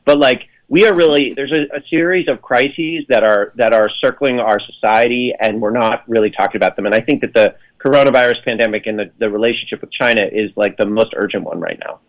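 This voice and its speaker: A man's voice: mid-range voice, brisk, few pauses, low-quality recording. Rambling, sardonic man on a talk show. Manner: rambling, many fillers and restarts; sardonic jokes in mock voices. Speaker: guest. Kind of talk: casual radio interview chat.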